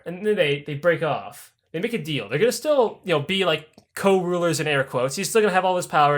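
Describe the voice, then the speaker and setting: A young man tells history as a crude, rowdy comedy bit, cursing in nearly every sentence. His voice sits high and swings widely up and down as he talks. He acts out the people in the story as he goes. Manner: animated, swears constantly, acts out voices mid-story. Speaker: podcast host.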